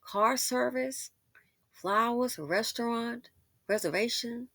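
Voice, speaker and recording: A woman's voice: fairly high pitch, slow, fairly bright tone, no room sound, studio quality. A woman hosting a casual commentary, talking straight to her listener in a sassy, outspoken way. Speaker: commentary channel host.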